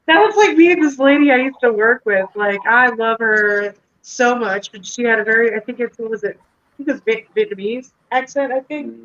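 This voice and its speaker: A woman's voice: on the high side, normal speed, lo-fi sound. A woman chatting casually on a podcast, rambling animatedly and poking fun at herself. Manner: animated, self-deprecating rambling. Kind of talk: casual chat.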